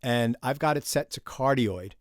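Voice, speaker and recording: A man's voice: medium pitch, moderate pace. A man teaching an online music production class, explaining microphones in a casual way while he demonstrates the gear. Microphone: studio condenser microphone, moved around.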